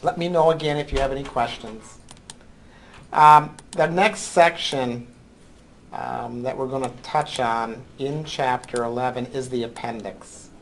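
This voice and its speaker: A man's voice: mid-range voice, fairly even intonation, a little slow, a bit bright, slight background noise, rough recording. A man teaching a college class, lecturing with frequent ums and "right?" checks. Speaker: college accounting instructor.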